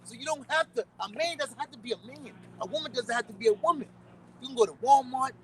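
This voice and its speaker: A man's voice: extremely high pitch, fast talker, fairly bright tone, distant mic, slight background noise, poor audio. A man preaching on the street in a blunt, profane, repetitive way.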